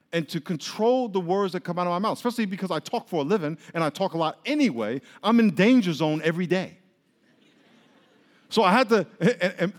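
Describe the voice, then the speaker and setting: A man preaching a sermon as pastor, lively, often acting out quoted voices. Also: high-pitched. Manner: animated, acts out quoted voices. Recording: long reverb of a large hall.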